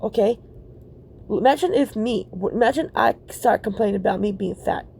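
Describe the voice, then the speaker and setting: Gravelly blunt woman ranting. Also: medium pitch, normal speed, dark tone. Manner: blunt, profane, repeats herself for emphasis. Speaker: reaction video host. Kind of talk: ranting reaction commentary.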